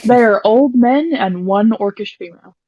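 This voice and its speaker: A woman's voice: fairly high pitch, normal speed, darkish tone, no echo, low-quality recording. A woman running a tabletop game as game master, narrating scenes in a matter-of-fact way.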